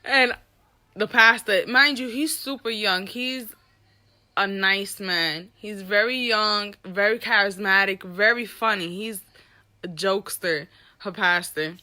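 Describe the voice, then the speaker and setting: A young woman telling a candid personal story with an animated, profane delivery, acting out the people she quotes. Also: mid-range voice, a little slow. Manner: animated, profane, reenacts dialogue.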